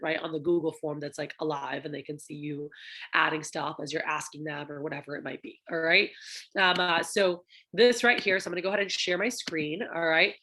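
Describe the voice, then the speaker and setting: A woman's voice: lowish voice, a bit bright. A young woman training managers in a casual, chatty way, filling her talk with ums and acting out the conversations she describes. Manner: chatty, many fillers, acts out quoted dialogue. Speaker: sales division trainer.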